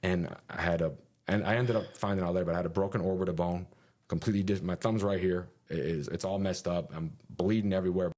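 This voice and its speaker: A man with a deep, low-pitched voice tells a story in a casual podcast interview. He talks with animated energy, fills his speech with "like" and punchy sound effects, and swears casually. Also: fast talker. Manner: animated, full of fillers and sound effects like "boom". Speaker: interview guest.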